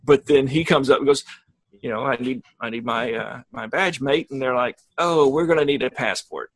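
A man co-hosting a casual chat, telling a relaxed anecdote and chiming in with agreement. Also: medium pitch, normal speed, no room sound, rough recording. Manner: storytelling, relaxed, chimes in with agreement. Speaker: podcast co-host.

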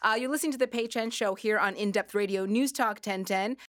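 A woman hosting a radio talk show, chatty and quick to laugh. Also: medium pitch. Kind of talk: casual radio chat. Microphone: studio microphone.

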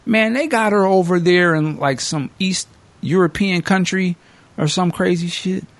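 A male podcast host casually recapping a movie as an animated storyteller who acts out the characters. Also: high voice, unhurried, dry recording.

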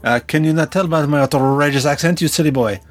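A man's voice: on the high side, brisk, faint music behind. A man hosting his podcast in a chatty, rambling, joking way. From Canada. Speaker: podcast host. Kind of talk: casual podcast chat.

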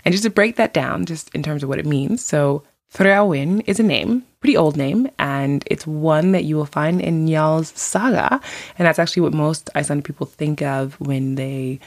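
A woman's voice: sits low, normal speed, no echo, studio quality. A woman hosting a podcast, talking casually with lots of "like" and "you know" and light laughs. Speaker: podcast host. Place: lives in Iceland.

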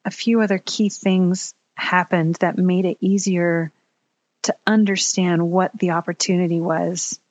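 A woman telling a personal story in a candid, earnest way, pausing at the emotional moments. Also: lowish voice, darkish tone, no echo, muffled recording.

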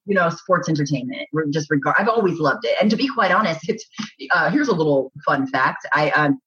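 A bubbly woman chats excitedly as an interview guest, her voice low-set, husky and breathy. Her pitch swings widely as she gushes, and the audio is muffled and lo-fi. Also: brisk. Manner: bubbly, gushing, excitable, many restarts and laughs. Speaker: actress guest. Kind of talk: casual interview chat.

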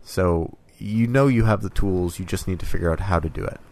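A man co-hosting a casual games podcast, explaining things in a measured way. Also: sits low, a little mellow. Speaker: podcast co-host. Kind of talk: casual chat about games.

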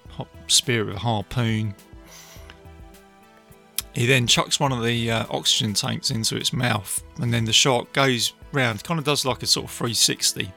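A man's voice: medium pitch, pushed and bright. Chatty man hosting a film podcast. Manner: chatty, retelling scenes with many fillers. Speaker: podcast host. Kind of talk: casual film review podcast.

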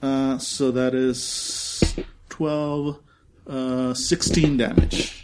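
A man talks through his attack in a tabletop game. He adds up dice sums aloud and pauses on fillers as he goes. A clear hiss of noise runs under the recording. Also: medium pitch, level tone. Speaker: player. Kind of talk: casual tabletop game talk.

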